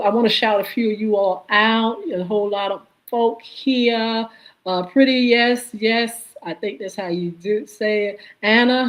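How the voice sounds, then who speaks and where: A woman hosting a live-stream podcast, greeting chat viewers by name and pausing often on filler sounds. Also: mid-range voice. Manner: halting, many filler "uh"s. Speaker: podcast host.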